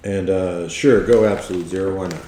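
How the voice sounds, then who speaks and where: A man's voice: low voice, steady tone, moderate pace, warm tone. A man narrating casually and playfully as the game master of a tabletop game. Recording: roomy echo, faint music.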